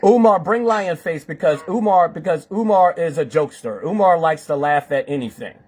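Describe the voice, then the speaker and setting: Streamer host, male, husky high voice, badgering and repetitive delivery. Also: normal speed, a little mellow. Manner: repetitive, insistent, preachy questioning. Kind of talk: confrontational live call-in chat.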